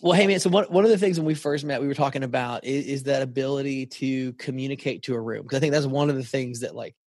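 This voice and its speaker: A man hosting a podcast, talking in a relaxed, chatty way with lots of casual fillers. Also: medium pitch, fast, no room sound, clean studio sound. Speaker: podcast host. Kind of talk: casual conversational interview.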